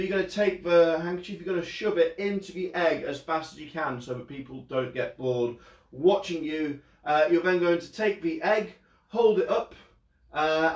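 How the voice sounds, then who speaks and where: A young man who entertains children, teaching a magic trick in a playful, jokey way on a live stream from a room at home. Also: on the high side. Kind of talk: live online magic lesson for kids. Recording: roomy echo, mic at a distance.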